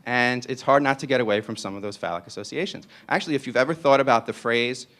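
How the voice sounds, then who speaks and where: A man's voice: mid-range voice, fast talker, a bit bright. A man from New York with a New York accent gives a public lecture in a playful, digressive way and often asks "right?".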